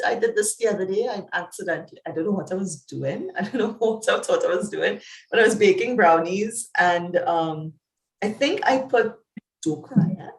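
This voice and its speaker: A Trinidadian woman, a psychologist, talks in an interview as an animated storyteller, laughing and jumping up and down in pitch. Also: normal speed, echoey room, low-quality recording. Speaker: psychologist guest. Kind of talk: conversational interview.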